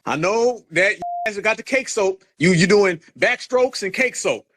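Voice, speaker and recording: A man hosting a heated live audio chat, loudly mocking and ordering callers around. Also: high voice, animated, moderate pace. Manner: loud, mocking, commanding, drawls for emphasis. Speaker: host.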